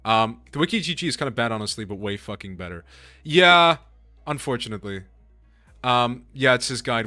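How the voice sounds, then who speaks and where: A man's voice: mid-range voice, expressive, a little fast, pushed and bright, no echo, faint music behind. A man live-streaming a game, chatting with his viewers in a casual, profane way, laughing often and apologizing to chat.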